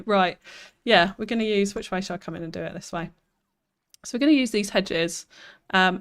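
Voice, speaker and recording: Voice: mid-range voice, fairly bright tone. A streamer, chatting through a live gameplay session, reading viewer comments aloud and answering them with self-deprecating laughs.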